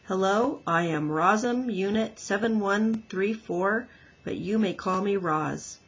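A woman voicing a gentle female robot mother who speaks in an even, formal, measured way. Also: medium pitch, husky, muffled recording. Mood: calm.

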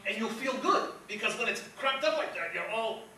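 Guy doing a smug fake psychic, high voice, echoey far-off room, noisy. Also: lively intonation, brisk, bright, forceful tone, heavily acted. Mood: pompous. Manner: grandiose, mock-mystical, often laughing. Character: pompous self-assured male psychic doctor. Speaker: comedian playing a fake psychic. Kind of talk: live stage comedy bit with volunteer. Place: stage before a live audience.

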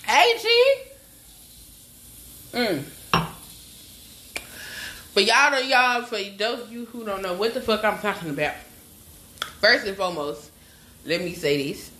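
A woman's voice: medium pitch, bright, forceful tone, roomy sound, slight background noise. A woman giving a casual vlog rant as a spiritual advisor, blunt and heavily profane, drawing out words for emphasis. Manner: unhurried with drawn-out emphasis.

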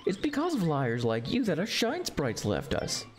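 A squabbling video game townsman, pitched well above a normal speaking voice and full of outraged insistence, as a streamer reads his lines aloud. The voice leaps around a lot, with faint music playing underneath. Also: wildly swooping pitch, normal speed. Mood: indignant. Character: bickering male island townsfolk, indignant.

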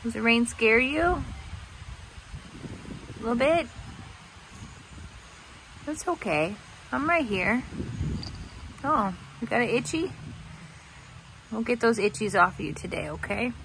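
A woman, talking in soft, cooing baby talk to her pet in a casual vlog. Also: mid-range voice, creaky, slight background noise, poor audio. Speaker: vlogger, pet owner. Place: outdoors on a farm. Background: faint farm ambience, geese and rain.

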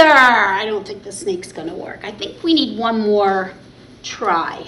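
A woman's voice: mid-range voice, animated, takes it slowly, a bit bright. A young woman leading a library baby storytime, singing songs and rhymes in a cheerful, encouraging way. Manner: sing-song, cheerful and encouraging toward little ones. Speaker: children's librarian. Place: library program room.

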